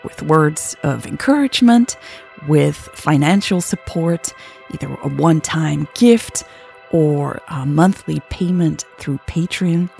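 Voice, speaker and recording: A woman hosting a podcast, reading serialized romance fiction in a measured, earnest storytelling manner. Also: low-pitched, creaky, dark tone, faint music behind. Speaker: podcast host and narrator.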